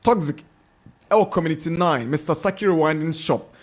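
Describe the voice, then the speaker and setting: A man with a Ghanaian English accent, hosting a sports radio show, reads out listener messages and adds quick comments. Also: a little high. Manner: brisk, chatty, comments between messages. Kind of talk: reading listener messages on air.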